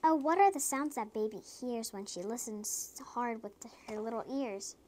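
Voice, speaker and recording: A woman reading children's picture books aloud, chatting between pages and playing up the sound words in a lively, sing-song way. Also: a little high, normal speed, hardly any pauses, a little hiss or hum. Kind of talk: storybook read-aloud with casual chat.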